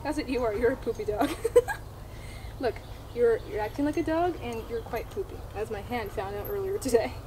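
A woman's voice: on the high side, normal speed, background noise. A woman vlogging outdoors with her horse, talking to it playfully and giggling between lines, picked up by a camera mic a few steps away. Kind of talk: casual vlog talk to her horse and viewers.

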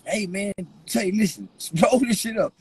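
A man rambling to the camera while high, giggling through his words, teary-eyed from laughing, with a loose, slangy way of talking. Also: unhurried, creaky, a little hiss or hum, rough recording. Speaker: vlogger. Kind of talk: rambling stoned chat to camera.

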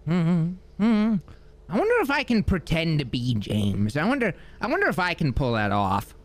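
A man playing an elderly character in a roleplay game stream, with a slow, crude, playful way of talking. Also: a little high, wildly swooping pitch.

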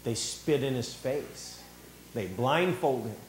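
A man preaching a sermon in a church, animated and theatrical, acting out the voices of the people he talks about. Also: medium pitch, takes it slowly, roomy sound, slight background noise, low-quality recording. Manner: animated, acts out quoted voices. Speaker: pastor. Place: church sanctuary.

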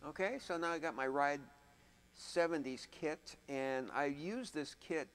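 A man with a voice on the high side teaches music production a little slowly, chatting and thinking aloud while humming drum patterns. The audio quality is poor.

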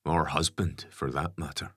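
A gruff, stubborn father speaks calmly and plainly, voiced by a male narrator. His voice sits very deep with a husky edge. The reading is close and dry. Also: normal speed, no room sound, heavily acted. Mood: resigned. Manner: calm, plain-spoken.

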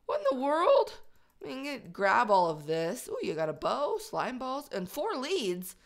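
A woman hosting a video game let's play, chatty and excitable, talking to her pets as she plays. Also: mid-range voice, a little slow, gravelly.

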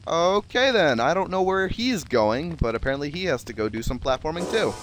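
A man's voice: on the high side, very animated, a little fast, noisy background. A man with a South Jersey accent, giving chatty, sarcastic commentary while playing a video game. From South Jersey, USA. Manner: chatty, sarcastic, swears casually. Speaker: let's play gamer. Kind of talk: casual gameplay commentary.

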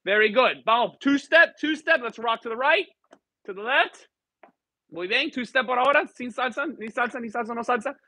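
A man's voice: very high voice, brisk, bright, forceful tone. A man teaching a live dance class, counting steps aloud and switching between English and Spanish while joking with students. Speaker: dance instructor. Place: dance studio.

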